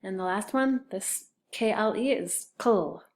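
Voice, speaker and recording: Woman teacher, slow and patient phonics lesson, spells words letter by letter, mid-pitched voice. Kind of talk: recorded phonics lesson for children.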